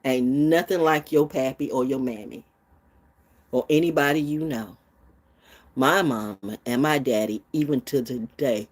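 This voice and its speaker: A woman in her sixties ranting bluntly and profanely in an unscripted vlog, jumping from low mutters to high outbursts and loud laughs. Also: measured pace. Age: 60s. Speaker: vlogger. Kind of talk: unscripted rant to camera.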